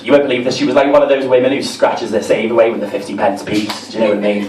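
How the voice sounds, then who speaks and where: Speaking rapid-fire at a medium pitch, this Liverpudlian man delivers camp, gossipy stand-up that pokes fun at himself. He's on stage at a comedy club, captured from afar in a roomy space full of audience noise.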